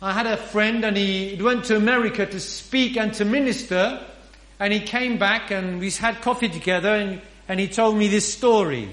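A man's voice: high voice, moderate pace, fairly bright tone. A man preaching a sermon in an earnest, emphatic way, often asking rhetorical questions. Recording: roomy echo.

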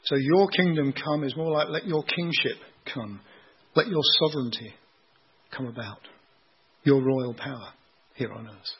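A man preaches in a husky, breathy voice, taking his listeners through the text in a patient, explanatory way. His pitch sits in an ordinary middle range, and the recording sounds dull and lo-fi. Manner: explanatory, unhurried teaching with rhetorical questions. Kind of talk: sermon teaching on scripture.

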